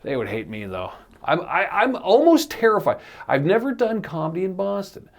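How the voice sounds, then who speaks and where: A man co-hosting a podcast in casual chat, a comedian who laughs often and slips into loud put-on voices. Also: sits high, sing-song, normal speed, vocal fry.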